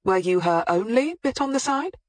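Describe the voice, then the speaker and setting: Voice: medium pitch, lively intonation, normal speed, no room sound, voice pushed up, lightly acted. An audiobook narrator voicing a composed woman police detective who questions a suspect with polite, persistent irony. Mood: ironic. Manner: politely persistent, mildly ironic.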